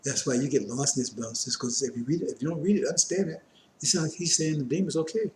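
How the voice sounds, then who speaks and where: A man's voice: fairly high pitch, racing, a little mellow, echoey room, a little hiss or hum. A man teaching scripture in a loose, conversational way, reading verses aloud and then explaining them with many asides, his voice strained and catching on coughs. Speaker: religious teacher.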